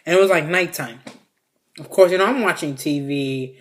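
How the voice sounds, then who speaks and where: A man's voice: a little high, moderate pace, fairly bright tone. A young man from Mexico telling a casual storytime tale, rambling with constant fillers and heavy swearing. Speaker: vlogger.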